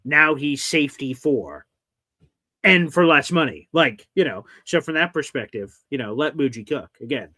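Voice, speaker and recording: A man hosting a casual sports podcast, wry and quick with mock-dramatic asides. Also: mid-range voice, expressive, bright, forceful tone, dry recording. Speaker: podcast host. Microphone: streamed podcast mic.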